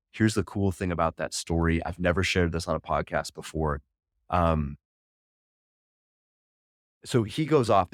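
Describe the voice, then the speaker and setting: A man's voice: low voice, dry recording, studio quality. A man in his forties, a podcast guest and coach, telling a personal story in an earnest, candid way with frequent restarts.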